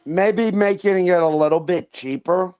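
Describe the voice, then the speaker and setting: A man on a panel, speaking haltingly and often restarting his sentences. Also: high voice, darkish tone, clean tone, dry recording, clean studio sound. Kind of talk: heated panel discussion.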